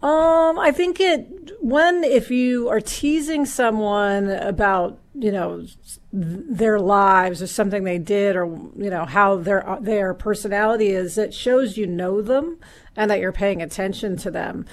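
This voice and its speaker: A woman's voice: mid-range voice, measured pace. A woman co-hosting a podcast, talking in an easygoing, casual way. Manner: easygoing, conversational with fillers. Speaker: podcast co-host.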